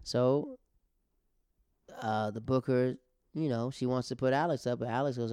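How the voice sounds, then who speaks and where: A man's voice: mid-range voice, normal speed, a little mellow, clean tone, dry recording. A male stand-up comedian telling a long story in a casual, rambling way, with restarts, acting out the other people in it.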